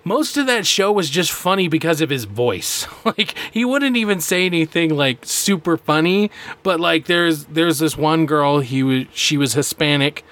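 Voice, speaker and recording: A man co-hosting a podcast, his voice sitting a little higher than most men's. He talks in a loose, rambling way, trailing off and laughing often as he chats casually. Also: lively intonation, normal speed, fairly bright tone. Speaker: podcast co-host. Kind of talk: casual chat.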